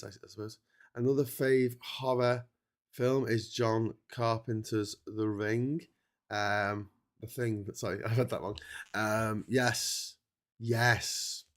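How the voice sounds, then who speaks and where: A middle-aged man hosting a long solo livestream, tired and chatting in a rambling, self-interrupting way. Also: mid-range voice. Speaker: livestream host. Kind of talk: casual livestream chat. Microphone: streaming setup mic.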